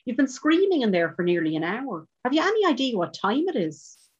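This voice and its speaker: A woman's voice: fairly high pitch, big pitch swings, brisk, slightly rough, muffled recording, voice pushed up. A woman voicing a blunt, hot-headed woman. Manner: blunt, sharp-tongued. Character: hot-headed petite young Irish woman.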